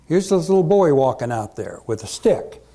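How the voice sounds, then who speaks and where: A man's voice: fairly high pitch, sing-song, normal speed, mellow. A male pastor preaching a sermon, emphatic and full of rhetorical questions.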